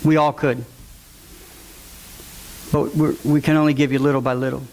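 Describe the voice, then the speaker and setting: A man's voice: mid-range voice, flat delivery, moderate pace, darkish tone. Earnest man giving a heartfelt testimony. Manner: earnest, repeats words for emphasis. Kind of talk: emotional public testimony.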